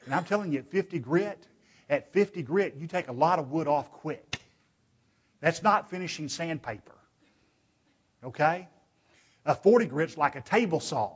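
A man's voice: a little high, expressive, normal speed, breathy edge. A man preaching a sermon in a church. He is emphatic, asks rhetorical questions and calls the listeners brethren. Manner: emphatic, shifts from loud urging to hushed pleading. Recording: dull, lo-fi recording.

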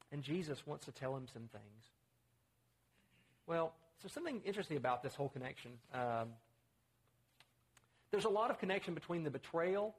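A man preaching a conversational sermon, acting out the quotes he reads. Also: slightly rough. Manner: conversational, acts out quotes with rising pitch.

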